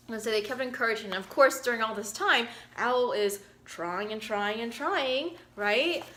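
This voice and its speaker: A woman's voice: on the high side, normal speed, few pauses. Chatty woman reading a picture book. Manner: chatty, warm, encouraging, many fillers. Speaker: physician reading to children.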